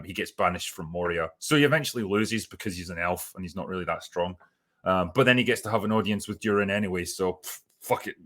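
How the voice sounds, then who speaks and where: A man's voice: lowish voice, a bit bright. A man hosting a casual spoken review, sardonic and profane, with plenty of ums and uhs. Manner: sardonic and profane, with many fillers. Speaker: host reviewing a TV series.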